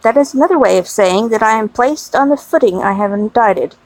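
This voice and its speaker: A woman reading the part of a weary, self-loathing young gentleman, with a resigned, self-deprecating delivery. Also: on the high side, lively intonation, fairly quick, low-quality recording.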